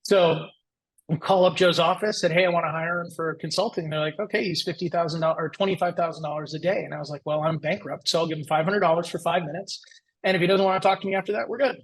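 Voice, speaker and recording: Lively storytelling man, fairly high voice. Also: quick pace, poor audio. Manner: lively anecdotal storytelling, acts out quoted voices. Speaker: guest entrepreneur. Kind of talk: storytelling in a podcast interview.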